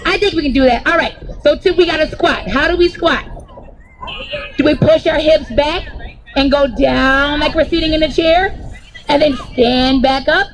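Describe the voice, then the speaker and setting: A young woman leading an energetic outdoor movement class for children, cheering and coaching them playfully through each move. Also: high-pitched, moderate pace, slight background noise, low-quality recording. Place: outdoors on grass.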